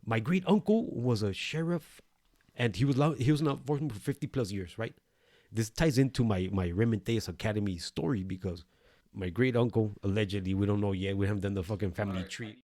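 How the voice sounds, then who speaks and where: Profane, animated male podcast storyteller. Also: lowish voice, brisk, no room sound, studio quality. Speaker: podcast co-host. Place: El Paso recording studio.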